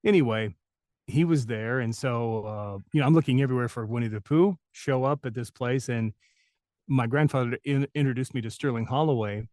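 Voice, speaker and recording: A man's voice: mid-range voice, fairly quick, a little mellow, dry recording, studio quality. A man who works as a voice actor, telling long anecdotes in an interview with many fillers and restarts. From New Mexico. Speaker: voice actor guest. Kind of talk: interview storytelling.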